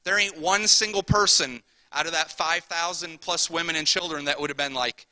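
A pastor, a man, delivers a sermon with a very bright, cutting tone and a voice a bit higher than most men's. He talks to the congregation casually, tossing in "right?" and dropping to quiet asides before pushing back up to loud emphasis. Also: steady tone, normal speed, dry recording, rough recording. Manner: conversational preaching, repeats "right?", swings from soft asides to loud emphasis.

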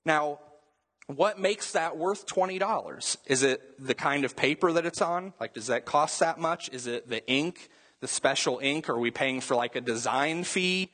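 A young adult man preaching a sermon in a relaxed, conversational way, full of casual asides. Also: a little high, measured pace. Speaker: pastor.

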